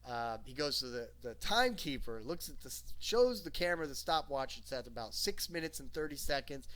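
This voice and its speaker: Male reviewer, casual and rambling, bright voice, mid pitch. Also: a little fast. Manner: excited, rambling, lots of "okay?". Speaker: wrestling show reviewer. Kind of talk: casual recap commentary.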